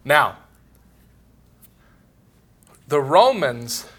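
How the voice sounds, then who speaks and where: Slow, bright-voiced man teaching theology. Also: medium pitch, very animated, husky. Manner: digressive, full of "you know" asides. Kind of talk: casual theology lecture.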